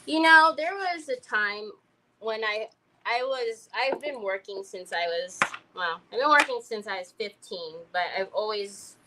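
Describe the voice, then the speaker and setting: A woman's voice: mid-range voice, measured pace, sharp tone, slight background noise, low-quality recording. A woman, chatting casually and rambling through a story while she crafts on a livestream. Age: 50s. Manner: chatty, rambling, addresses viewers as y'all.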